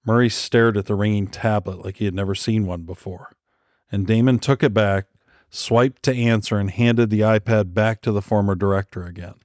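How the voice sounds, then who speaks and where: Guy reading a thriller audiobook, even and measured, lowish, super dry. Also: no echo. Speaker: audiobook narrator. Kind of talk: scripted thriller narration.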